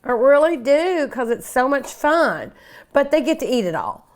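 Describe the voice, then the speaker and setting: A woman's voice: high-pitched, very animated, normal speed. An older woman hosting a cooking show, chatting and gushing enthusiastically while she eats. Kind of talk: casual cooking show talk.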